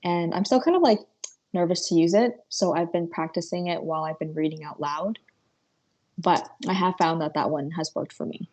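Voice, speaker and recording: A woman's voice: fairly low pitch, normal speed, darkish tone. A woman in her late twenties from Canada, a nurse, answering her coach in a hesitant way with many fillers. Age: late 20s. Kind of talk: conversational answer.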